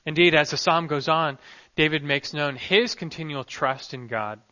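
A man preaching with earnest, emphatic force. His voice is bright and forceful, pitched a little high, and the recording is slightly dull and lo-fi. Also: normal speed. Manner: earnest, emphatic, dynamic delivery. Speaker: pastor. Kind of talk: sermon.

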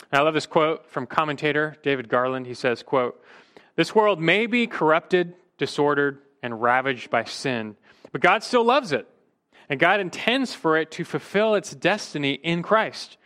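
A man's voice: mid-range voice, pushed and bright. A male pastor preaching a sermon emphatically, his voice rising and dropping for emphasis, sometimes restarting a word mid-phrase.

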